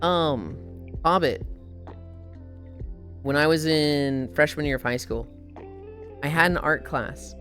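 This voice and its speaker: A woman in her twenties streaming casually, telling profane stories and reading chat aloud. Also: low voice.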